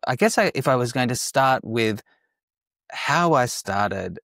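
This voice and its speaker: A man's voice: mid-range voice, animated, a little slow, gravelly, fairly bright tone, dry recording, clean studio sound. A man in his forties with an Australian accent, a psychologist guest in a casual interview, friendly and joking. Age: 40s. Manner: friendly, joking, some restarts.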